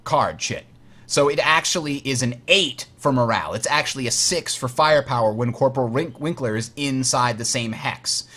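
A man hosting a board game tutorial, explaining rules in a chatty way and muttering while he works the software. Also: medium pitch. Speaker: host teaching a board game. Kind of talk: casual tutorial over online play.

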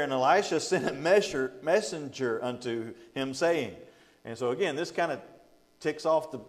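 A man teaching a Bible study as pastor, reading scripture aloud and retelling it in a folksy, joking way, often laughing between points. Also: a little high. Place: church. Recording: long hall reverb.

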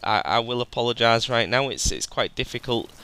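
A man talks over his gameplay footage as a channel host. His voice is bright and forward, with a very smooth, crisp clarity. He chats in a loose, rambling way and keeps calling his viewers "guys.". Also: mid-range voice, a little fast. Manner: chatty, rambling, says "guys" often.

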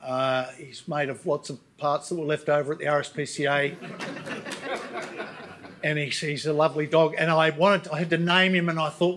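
A man doing a stand-up comedy routine on stage, telling wry, deadpan stories with asides. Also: a little high, moderate pace, slight background noise. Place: on stage before a live audience.

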